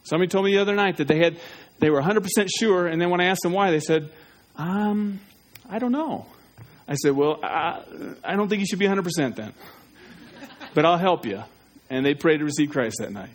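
A man preaching with urgent, pleading force. His voice sits a little high for a man, and he keeps firing questions straight at the congregation. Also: fast. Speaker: pastor. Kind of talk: evangelistic sermon.

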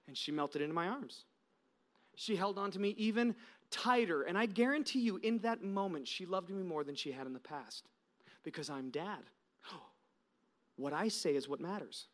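An American man in his thirties, a pastor preaching a sermon with animated storytelling that swings between loud and hushed. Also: high voice, normal speed, pauses often.

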